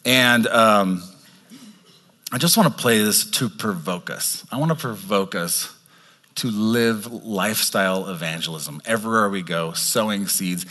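A man's voice: lowish voice, unhurried, bright, forceful tone. A man preaching a sermon as pastor, talking in a conversational way and restarting his sentences.

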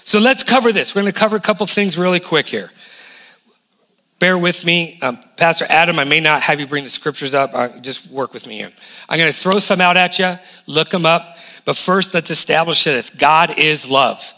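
A man in his forties preaching a lively sermon as a guest pastor, emphatic and full of rhetorical questions. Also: on the high side, fairly quick. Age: 40s.

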